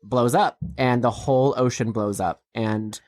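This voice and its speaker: Very low-voiced woman, chatty podcast recap. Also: fairly even intonation, measured pace, a little mellow, no room sound. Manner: chatty, laughing, acts out quotes. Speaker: podcast co-host. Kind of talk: casual recap chat.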